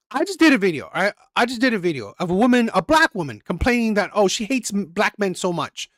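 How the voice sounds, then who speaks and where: A woman's voice: mid-range voice, very animated, fast talker, hardly any pauses, no room sound, clean studio sound. A woman hosting a reaction channel, ranting angrily and profanely, repeating herself as she comments on a clip. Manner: heated, profane ranting with repetition.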